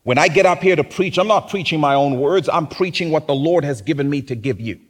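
A man's voice: fairly high pitch, brisk. A man preaching a sermon in a conversational, teasing way, often acting out mocking quotes.

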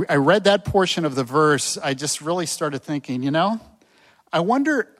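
An older man delivering a sermon in an earnest, conversational way. He speaks at a middle pitch and keeps checking in with his listeners through rhetorical questions. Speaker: pastor.

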